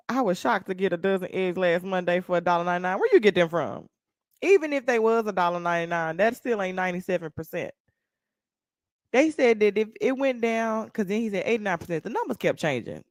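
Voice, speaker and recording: The recording is clean and echo-free, carrying a Texas woman's medium-pitched voice as she podcasts live. Swearing freely, she talks right to her viewers, names them, and gets animated reacting to their comments.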